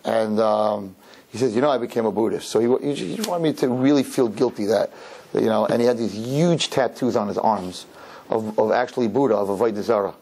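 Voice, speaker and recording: A rabbi telling a lively personal story to an audience, acting out the dialogue as he goes. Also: fairly low pitch, brisk, husky. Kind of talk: storytelling talk.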